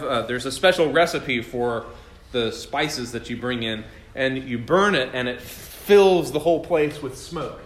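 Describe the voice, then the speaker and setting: Man teaching a Bible class in an echoey room. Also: medium pitch. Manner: conversational, quizzes the class, self-deprecating jokes. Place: classroom with a group.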